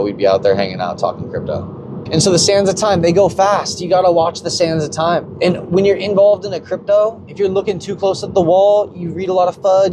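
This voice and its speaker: A young man ranting unscripted about crypto as a YouTuber, rambling, profane and confessional, with vehicle noise behind him. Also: on the high side. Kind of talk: unscripted rant.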